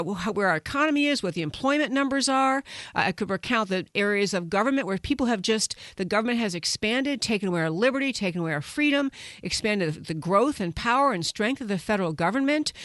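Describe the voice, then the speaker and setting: American lady host ranting politics, forceful and repetitive, kinda high, dry sound. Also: no room sound. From United States. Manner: emphatic, indignant, repeats points for emphasis. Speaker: political talk show host. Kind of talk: political commentary monologue.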